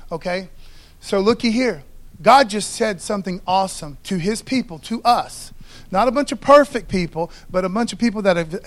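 A man's voice: high-pitched, a bit bright. A man preaching a sermon in a loose, conversational way, often checking in with the congregation. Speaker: pastor.

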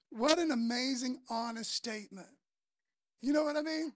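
A man's voice: very high-pitched, moderate pace, dry recording, clean studio sound. A man preaching a sermon in a casual, earnest way, using slang fillers as he talks. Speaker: pastor.

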